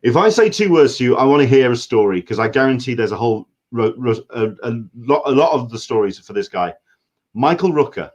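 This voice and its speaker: A man's voice: medium pitch, big pitch swings, a little fast, dull audio. A man with an English accent, hosting a livestream interview over a video call in an easygoing way. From England. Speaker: livestream host. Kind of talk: casual interview.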